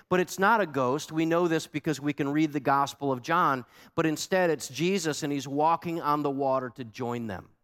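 A man preaching a sermon as a pastor, animated and emphatic, asking the congregation pointed questions. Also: on the high side, clear, resonant tone. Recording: long hall reverb.

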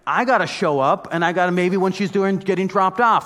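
Pastor, thirties, man, casual storytelling sermon, voice a bit high, big echoing hall. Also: a little fast, hardly any pauses. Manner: conversational, animated storytelling with mock outbursts.

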